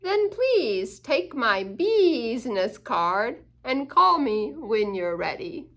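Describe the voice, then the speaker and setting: A woman voicing a polite, businesslike male bee in a children's picture book, speaking slowly and courteously. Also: on the high side, sing-song, fairly bright tone, heavily acted.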